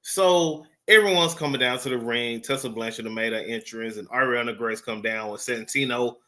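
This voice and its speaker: Rambling man with a bright voice. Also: medium pitch, normal speed. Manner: rambling, profane, filler-heavy. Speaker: wrestling show reviewer. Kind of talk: casual unscripted review.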